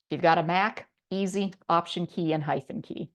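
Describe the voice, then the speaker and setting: A woman's voice: lowish voice, moderate pace. A middle-aged woman teaching a writing lesson online, explaining step by step in a patient way with a few fillers. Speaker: writing instructor.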